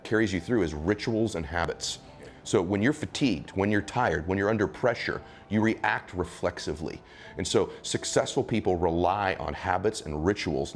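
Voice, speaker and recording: A man giving motivational answers in an interview, speaking emphatically in punchy, repetitive phrases. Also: sits low.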